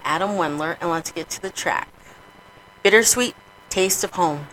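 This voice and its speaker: Casting: woman radio host, bright, blunt, swears freely, casual chat. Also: lowish voice, normal speed, a little hiss or hum, rough recording. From New Mexico, USA. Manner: candid, profane, emotional about grief.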